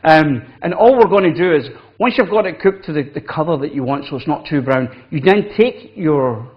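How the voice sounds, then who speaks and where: A man's voice: a little high, animated, moderate pace. A man, a chef walking through a cooking demonstration in a chatty, instructive way. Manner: chatty, instructive, says "wee" often. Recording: dull lo-fi TV audio.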